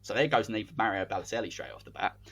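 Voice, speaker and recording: A man co-hosting a podcast, telling a made-up sports story in animated, commentary-like casual chat. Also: fairly low pitch, very fast, husky. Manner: animated, spins a hypothetical tale like match commentary. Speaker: podcast co-host.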